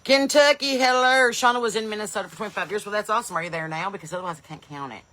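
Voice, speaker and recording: A woman, hosting a live stream and chattily greeting viewers, calling out their places with eager bursts of loudness. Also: medium pitch, rapid-fire. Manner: chatty, calls out place names loudly and eagerly. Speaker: comedian and podcast host.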